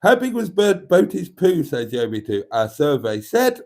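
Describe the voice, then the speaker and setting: A man's voice: a little high, sing-song, normal speed, a little mellow. A man hosting a live stream, chatting casually and reading viewer comments aloud.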